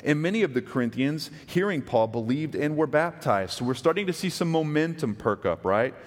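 Texan pastor preaching in a reverberant hall. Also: male voice, fairly high pitch, expressive, brisk. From West Texas. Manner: conversational, asks the congregation questions. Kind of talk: sermon.

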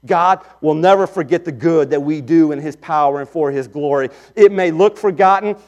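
A middle-aged pastor preaching a sermon, swinging between loud emphatic lines and quiet asides. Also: male voice, a little high, fairly even intonation, normal speed, highs cut off.

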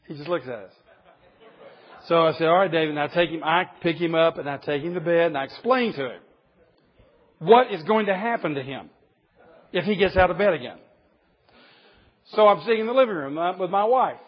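Husky fifties pastor, bit high for a guy, funny emphatic sermon stories. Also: expressive, brisk, long pauses. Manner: storytelling, humorous, emphatic. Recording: dull lo-fi recording.

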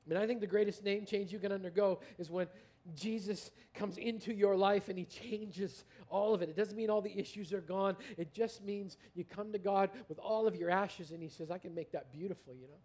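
High-voiced preacher, loud then hushed. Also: male voice, steady tone, normal speed. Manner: storytelling, swings from loud emphasis to hushed near-whisper. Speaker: pastor. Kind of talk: sermon.

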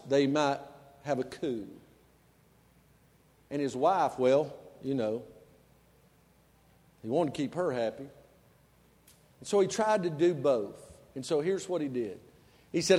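A man preaching a sermon in a church, folksy and conversational, swinging between quiet asides and loud emphasis. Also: a little high, animated, unhurried, long pauses, big-room sound. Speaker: pastor. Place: church sanctuary.

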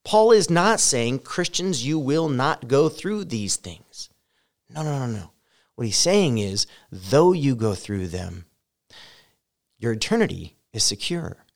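A man preaching a sermon as pastor, speaking earnestly and directly to his listeners, rising loud and emphatic when he reads scripture. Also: mid-range voice, big pitch swings, slow pace, gravelly.

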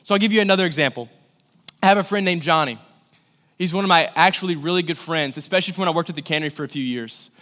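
A man's voice: on the high side, very fast. A young man giving a sermon as pastor, talking in a conversational way and acting out little scenes as he tells stories. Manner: conversational, animated storytelling with acted-out asides. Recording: long hall reverb.

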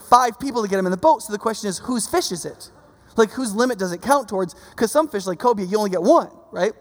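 A man preaching a sermon in a conversational, animated way, often checking in with the audience with "right?" and acting out quoted voices. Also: sits high. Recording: long reverb.

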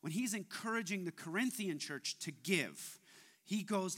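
Bright, high-voiced young father preaching. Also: measured pace. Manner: animated, repeats words often. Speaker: pastor. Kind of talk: sermon.

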